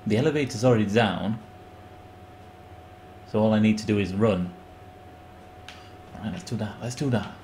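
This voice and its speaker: Man, game streamer, lowish voice, rambling jokey chatter, faint room hum. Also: moderate pace, pauses often, darkish tone. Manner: rambling, jokey, breaks into yelps when panicking. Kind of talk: live gameplay commentary.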